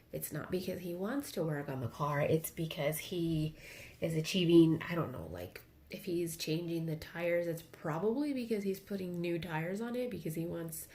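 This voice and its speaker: A woman's voice: on the low side, creaky, mellow. A young adult woman chatting casually while she crafts, rambling and ranting with lots of fillers. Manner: rambling and ranty, many fillers. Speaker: craft vlogger. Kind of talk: casual chat while diamond painting.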